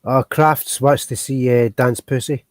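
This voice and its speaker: A Scottish man hosting a crude live-stream chat, swearing and bantering loudly with his guests. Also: mid-range voice, steady tone, unhurried, no room sound. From Scotland. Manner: sweary, laughing, loud banter.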